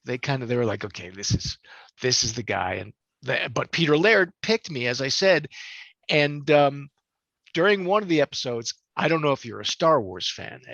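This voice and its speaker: An older male voice actor tells stories from his career in a chatty, animated way, his pitch swinging widely as he talks. The sound is dry and close, with no room around it. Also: moderate pace, gravelly, no room sound, muffled recording. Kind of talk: interview storytelling.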